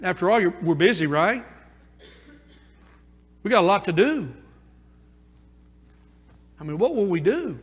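High-voiced preaching man, reverberant church. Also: sing-song, measured pace, long pauses, slightly rough. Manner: preaching, swinging from hushed to emphatic. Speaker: pastor. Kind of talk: sermon. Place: church sanctuary.

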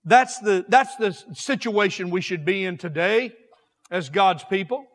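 A man preaching a sermon, swinging from quiet, slow passages to raised, shouted ones. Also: sits high. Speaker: pastor. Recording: long hall reverb.

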